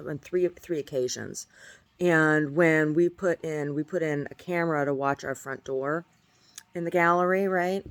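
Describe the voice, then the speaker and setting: A woman speaks into her video diary in a loose, casual way. She sounds aggrieved and rambles, often stopping to restart her phrases. She is recording at home with her cats nearby. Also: low voice. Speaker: video diarist.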